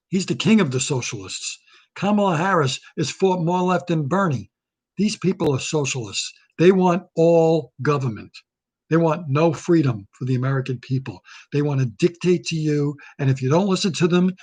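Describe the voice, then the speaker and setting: A man's voice: on the high side, darkish tone, breathy edge. A man delivering a satirical political rant to camera, heated and indignant, repeating himself, recorded on a webcam. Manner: heated, repetitive, indignant ranting. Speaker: comedic ranter. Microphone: webcam or laptop camera.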